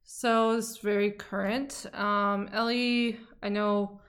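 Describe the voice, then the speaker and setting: A woman's voice: medium pitch, little pitch movement, takes it slowly, fairly bright tone. A woman from Saudi America co-hosting a podcast in an earnest, chatty way. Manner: earnest, supportive, chatty with fillers. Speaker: podcast co-host. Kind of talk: casual chat.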